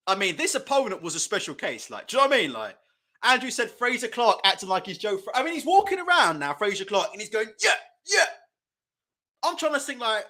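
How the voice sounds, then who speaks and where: Brief: male streamer, lively swooping delivery, loose casual commentary. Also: high-pitched. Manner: mocking, laughing, loose and profane. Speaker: livestream boxing watch-along host.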